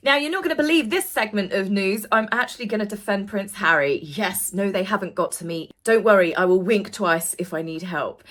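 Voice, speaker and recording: A woman's voice: mid-range voice, fairly quick, hardly any pauses, a bit bright. A woman hosting a royal news channel in a chatty, gossipy manner, with tongue-in-cheek asides. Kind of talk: casual commentary vlog.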